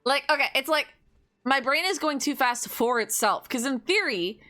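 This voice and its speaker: A woman streamer giving casual, playful commentary while gaming. She swears, taunts the enemy and rambles quickly to herself. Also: sits high, lively intonation, pushed and bright. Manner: rambling fast self-talk.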